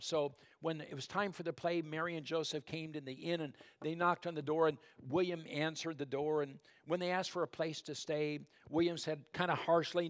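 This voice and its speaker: A pastor delivers a sermon in a slightly high voice, telling stories in a conversational way and speaking directly to his congregation. When he calls for prayer, he drops into a soft, hushed tone.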